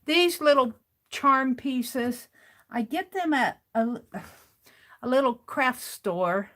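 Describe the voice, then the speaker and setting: A woman's voice: high-pitched, lively intonation, slow pace, a bit bright. A woman hosting a craft livestream, chatting casually and rambling to herself as she works. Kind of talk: casual chat while crafting.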